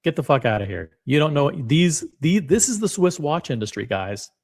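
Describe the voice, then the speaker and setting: A man hosting a reaction video, talking in an animated, rambling and blunt way with casual swearing. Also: on the high side, normal speed. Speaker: watch channel host reacting to clips.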